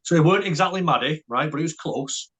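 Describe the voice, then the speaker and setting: A man's voice: on the high side, fast, a bit bright, husky. A man, a podcast guest telling a story in a casual way. He stammers and restarts often and keeps tagging his lines with "right?" and "mate".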